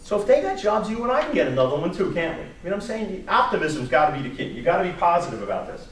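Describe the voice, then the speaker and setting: Animated New man in echoey room. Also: high-pitched, racing. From New York area. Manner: animated, storytelling, repeats words. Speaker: job search presenter. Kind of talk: live workshop talk. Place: meeting room. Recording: echoey room from far off, faint noise.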